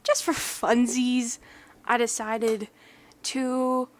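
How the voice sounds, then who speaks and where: A young American woman chatting casually, then reading a list aloud in a put-on, deliberately bad English accent, rambling and giggly with lots of fillers. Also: fairly high pitch, flat delivery. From United States. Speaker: YouTuber.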